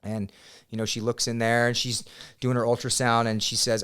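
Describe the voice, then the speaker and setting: Man, thirties, podcast guest; smooth clear voice, animated storyteller. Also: medium pitch, brisk. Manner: animated, swears, quotes himself loudly. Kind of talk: casual storytelling. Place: podcast studio.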